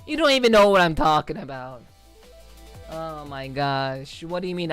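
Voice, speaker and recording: With a low, animated voice at normal speed, this woman streamer from around New York City talks casually to her viewers. She rambles and curses, with frequent ums and laughing fits, over soft background music.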